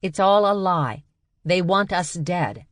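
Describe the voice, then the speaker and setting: A woman voicing a tough young woman who states threats flatly in an audiobook. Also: lowish voice, slow pace, dry recording, clean studio sound, voice pushed up. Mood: defiant. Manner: blunt, matter-of-fact threats. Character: tough young woman, wry and deadly calm.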